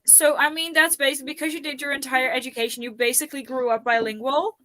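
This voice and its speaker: A woman's voice: high voice, steady tone, fast, pushed and bright, no room sound. A Dutch woman hosting a casual book live stream, rambling and restarting her sentences as she chats with friends. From Netherlands. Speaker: booktube host. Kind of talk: casual chat.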